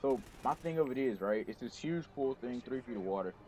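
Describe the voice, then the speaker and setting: A man's voice: medium pitch, lively intonation, a little fast, dark tone. A young man hosting a gaming channel, casually telling a rambling personal story with lots of restarts and self-corrections.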